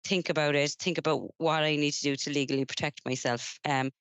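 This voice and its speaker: Smooth-voiced woman giving business tips. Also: deep voice, steady tone, brisk, fairly bright tone, no room sound. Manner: practical advice-giving, fillers and repeats. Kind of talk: casual business chat.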